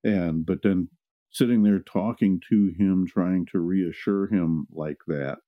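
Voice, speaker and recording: Co-hosting a parenting podcast as a parent himself, a man tells stories in agreeable, rambling conversation. His deep voice moves slowly, and the recording has no echo but sounds slightly muffled and dull.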